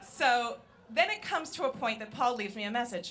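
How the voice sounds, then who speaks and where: A woman comedian telling a funny story on stage, acting out the people in it in quiet, lower voices. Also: animated, moderate pace. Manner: acts out quoted voices, drops quiet and low for them. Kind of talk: live storytelling performance.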